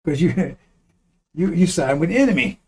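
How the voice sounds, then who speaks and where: A man's voice: a little high, animated, normal speed, slightly rough. A man giving a blunt, profane, preaching-style monologue, repeating lines for emphasis and chuckling between remarks. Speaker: online commentator.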